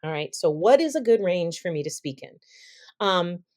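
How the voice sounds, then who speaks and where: A woman's voice: on the low side, big pitch swings, moderate pace, darkish tone. Woman explaining, demonstrating her voice. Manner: demonstrates voices while teaching, says "okay?" often. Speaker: vocal health expert guest. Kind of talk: podcast interview, explaining.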